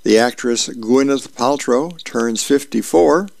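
A man's voice: slow pace, a little mellow, dry recording. A male radio host casually reading comic strips aloud, acting out the characters' lines. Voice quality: gravelly. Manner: acts out character lines with raised pitch.

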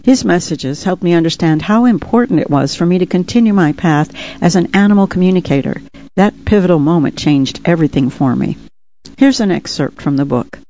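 A woman's voice: on the low side, lively intonation, fairly quick, dark tone, highs cut off, slight background noise. A woman, the author, reading her own memoir aloud in an earnest, reflective, heartfelt way. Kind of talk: audiobook memoir narration.

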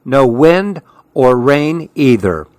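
Man reading as old grandfather, muttering, relieved, storybook voice, slow and unhurried. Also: medium pitch, big pitch swings, darkish tone, no echo. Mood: concerned. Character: grandfather worried about weather.

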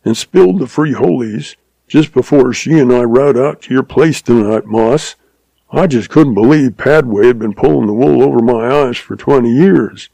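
A man's voice: mid-range voice, normal speed, vocal fry, warm tone, no echo, poor audio. A man voicing a fat, goggle-eyed older townsman who mutters in disbelief. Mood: disbelieving.

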